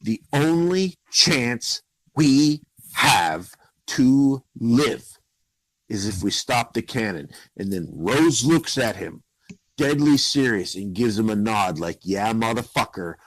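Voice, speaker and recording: A man's voice: mid-range voice, slow, no echo, poor audio. A man co-hosting a casual podcast, ranting about a film with swearing and acted-out scenes. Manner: animated, swearing, acts out scenes. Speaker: podcast co-host. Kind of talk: casual movie-review chat.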